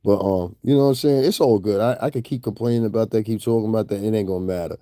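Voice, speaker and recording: A man's voice: lowish voice, rapid-fire, dark tone, no room sound, clean studio sound. A man, talking casually and directly to a rival online, laid-back and laughing often. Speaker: YouTube commentator. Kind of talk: casual direct-address commentary.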